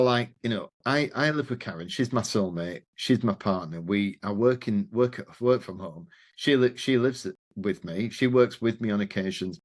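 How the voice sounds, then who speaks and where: A middle-aged man talks as a podcast guest, his voice sitting fairly low but jumping up whenever he acts out someone else's words. He tells stories casually, with the odd swear word and plenty of animation. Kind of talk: conversational storytelling.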